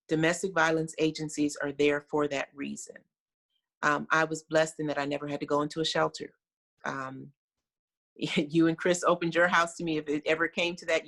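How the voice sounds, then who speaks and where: A middle-aged American woman speaks on a video call in an earnest, reflective way. Her bright voice carries a gravelly fry, and she pauses often with fillers as she talks. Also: deep voice. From United States. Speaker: guest.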